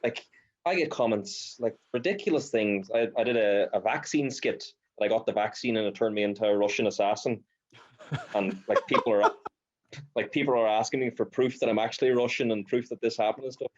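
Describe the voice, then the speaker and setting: A man's voice: lowish voice, fairly quick, dull audio. A man hosting a podcast, chatting casually and acting out quotes while he tells stories. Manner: storytelling with mimicked quotes, chatty. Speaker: podcast host. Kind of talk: casual chat.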